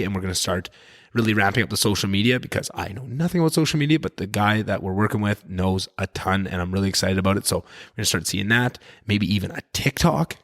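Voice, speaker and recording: A man hosting a podcast, talking in a loose, rambling, animated way and swearing freely. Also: fairly low pitch, no room sound, clean studio sound. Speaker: podcast host. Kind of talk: casual podcast chat.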